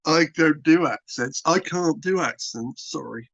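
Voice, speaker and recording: A man's voice: fairly high pitch, unhurried, vocal fry, fairly bright tone, no echo. British male interviewee, casual and repetitive, mid-range voice, dull dry recording. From Britain. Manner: rambling, repetitive, plain-spoken. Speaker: interview guest, content creator.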